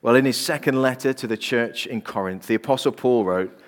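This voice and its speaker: A man's voice: mid-range voice, brisk. A man, preaching a sermon as a pastor and telling personal stories earnestly. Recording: long reverb of a large hall.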